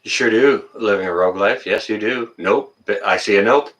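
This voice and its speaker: A man's voice: on the low side, brisk, a bit bright, recorded from a distance. A man hosting a casual livestream, reading viewer comments and ranting, getting worked up and then apologizing.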